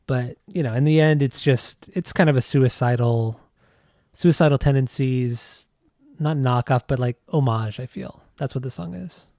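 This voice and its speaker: Laid-back podcast dude, warm dark voice, dry close mic, lots of ums and likes. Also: male voice, medium pitch, normal speed, dry recording. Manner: rambling, filler-heavy, laughs easily. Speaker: podcast co-host. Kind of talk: casual music podcast chat.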